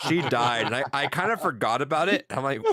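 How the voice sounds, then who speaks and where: A man's voice: mid-range voice, animated, sharp tone, dry recording, clean studio sound. A young man co-hosting a casual talk show, rambling, laughing often and swearing as he retells scenes. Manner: loose, laughing, swearing, quick impressions. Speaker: podcast co-host. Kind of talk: casual chat.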